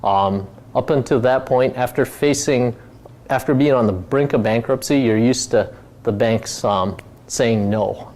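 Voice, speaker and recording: A man's voice: medium pitch, unhurried, a little mellow. A middle-aged man from Hawaii, a company founder telling his story in a casual talk, rambling with many fillers and restarts.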